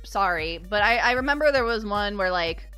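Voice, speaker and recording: Bright-voiced playful woman streamer. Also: medium pitch, moderate pace, smooth, faint music behind. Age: young adult. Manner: animated and playful, swears freely, laughs often. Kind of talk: casual livestream chat.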